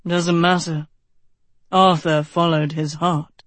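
An audiobook narrator voicing a calm, blunt, world-weary knight who talks dryly and frankly, a bit lower than the narration. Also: no room sound. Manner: dry, unhurried, frank.

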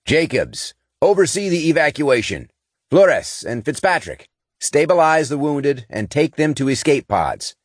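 A man voicing a stern male starship captain who barks gruff commands. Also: mid-range voice, animated, moderate pace, no room sound, studio quality, voice pushed up, close to an everyday voice. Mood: commanding.

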